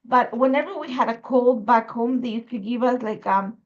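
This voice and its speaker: A woman's voice: fairly high pitch, moderate pace, dull audio. A woman from Ecuador with an Ecuadorian Spanish accent and Spanish as her first language, chatting casually as she hosts a crafting video while fighting a cough. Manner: chatty, rambling, many fillers. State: fighting a cough, throat irritated. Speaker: crafting host.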